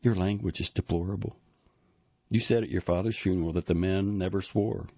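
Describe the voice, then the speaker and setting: A man reading an audiobook, voicing a tired, stubborn older mother who talks plainly and defends herself quietly. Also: low-pitched, steady tone, brisk, breathy edge, dry recording, highs cut off, voice pushed up.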